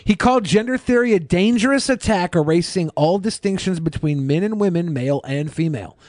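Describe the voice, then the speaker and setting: Male co-host, higher voice, dry close mic, jokey news-reading banter. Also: animated, brisk, darkish tone, no echo. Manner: jokey, stumbles over words while reading. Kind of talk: casual podcast banter, reading news aloud.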